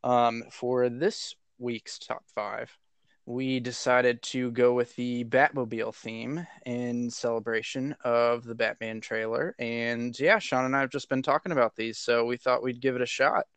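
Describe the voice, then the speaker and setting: A relaxed man hosts a casual geek podcast, taking his time with every sentence. His delivery is unhurried and loose, with an occasional curse word. The recording is dry and close, with almost no room sound. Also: medium pitch, clear, resonant tone, dry recording. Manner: laid-back, swears casually, laughs often. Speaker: podcast co-host.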